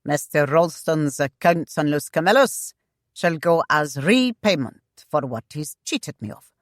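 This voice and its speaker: A woman's voice: deep voice, animated, a little slow, no room sound. Woman reading as squire, cold, clipped, dry close sound. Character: stern older male squire, cold and commanding.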